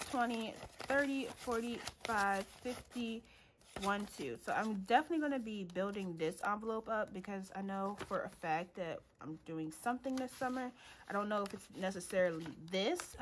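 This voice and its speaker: A woman's voice: medium pitch, a little hiss or hum. A woman, chatting casually to viewers as she counts cash into envelopes, laughing often and calling them y'all. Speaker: budgeting vlogger. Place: home room at a table.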